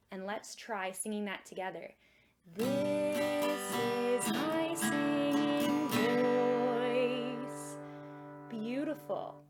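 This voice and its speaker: A young woman with a mid-range voice runs a children's music and magic lesson. Her manner is gentle and encouraging, exaggerated to suit kids.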